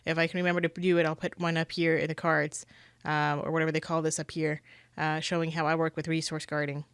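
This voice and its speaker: A woman's voice: low voice, flat delivery, fast, clear, resonant tone, dry recording. A woman giving casual, earnest commentary on dog-training clips, speaking critically and often restarting her sentences.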